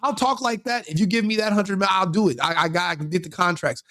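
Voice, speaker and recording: A man's voice: sits high, lively intonation, fast talker, bright, forceful tone. A man hosting a live stream, commenting on a clip in a joking, mocking way.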